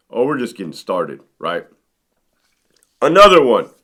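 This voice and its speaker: A man's voice: mid-range voice, big pitch swings, takes it slowly, sharp tone. A man, a former correctional sergeant, telling stories to the camera in a conversational way, often tagging his sentences with "right?". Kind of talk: storytelling to camera.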